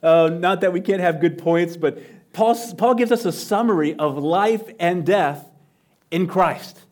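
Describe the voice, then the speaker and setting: Man preaching, loud then hushed. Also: high voice, measured pace. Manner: dynamic preaching, swinging from loud emphasis to near-whispers; repeats phrases for emphasis. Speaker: pastor. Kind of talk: sermon.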